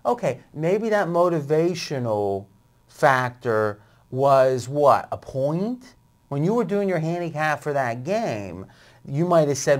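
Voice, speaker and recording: A man's voice: on the high side, big pitch swings, normal speed. Argumentative male sports betting host. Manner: pushes back and argues his point.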